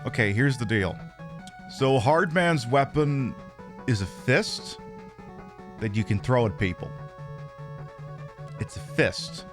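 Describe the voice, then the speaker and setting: A man's voice: medium pitch, lively intonation, slow, long pauses, faint music behind. A man hosting a live game stream, chatting casually and cracking crude jokes.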